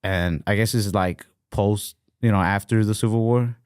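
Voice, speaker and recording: A man co-hosting a podcast in casual, profane banter, animated and often jumping into higher voices when quoting people. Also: moderate pace, clean tone, no room sound, studio quality. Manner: animated, profane, jumps into high-pitched quoted voices. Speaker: podcast co-host.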